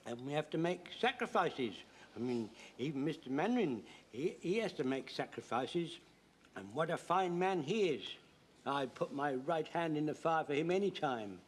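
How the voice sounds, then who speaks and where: A man's voice: on the high side, slight background noise, natural voice. An actor playing a flustered, eager elderly man who rambles and stumbles over his words in a 1970s TV sitcom.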